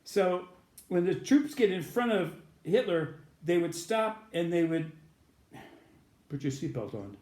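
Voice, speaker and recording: A man's voice: high-pitched, very animated, a little slow, darkish tone, echoey room. A man, a guest in an interview, earnestly retelling an experience and acting out the voices in it. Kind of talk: storytelling a near-death experience.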